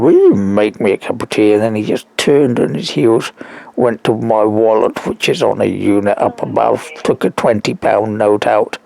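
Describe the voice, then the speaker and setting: A weak man on a phone call who tells his story in a rambling, halting way, full of restarts and asides. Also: on the low side, vocal fry, darkish tone, no room sound. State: weak and struggling to breathe. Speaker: caller.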